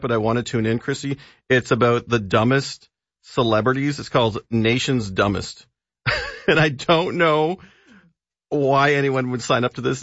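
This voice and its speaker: A man's voice: mid-range voice, a bit bright, no room sound. A man co-hosting a radio show, giving a casual movie review and chatting with an easy laugh. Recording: dry, slightly dull radio studio audio.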